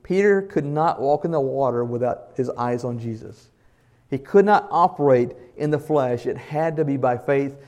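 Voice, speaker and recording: A man's voice: mid-range voice, moderate pace, highs cut off. A male pastor delivering an earnest, emphatic sermon and asking the congregation questions. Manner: earnest, emphatic preaching with shifts in loudness.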